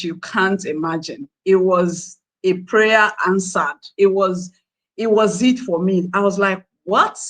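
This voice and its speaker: A woman's voice: medium pitch, a bit bright, rough recording. A Nigerian woman in her thirties, a mother of three, talking as a guest on a livestream, conversational with frequent ums. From Delta State, Nigeria. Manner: conversational, hesitant with ums, laughs. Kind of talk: livestream interview.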